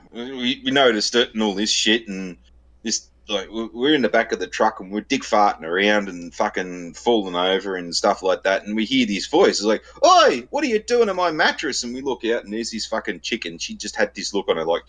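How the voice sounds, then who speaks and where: Cast: low-voiced Australian bloke, middle-aged podcast host, foul-mouthed yarn-spinner. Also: male voice, moderate pace, a bit bright. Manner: swears constantly, laughs at own stories. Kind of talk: crude casual storytelling.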